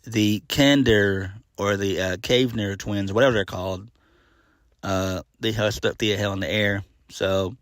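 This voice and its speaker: A man's voice: fairly low pitch, fairly even intonation, unhurried, a bit bright, dry recording, clean studio sound. A man giving a casual solo review of a wrestling show, blunt and exasperated, swearing freely and trailing off into fillers.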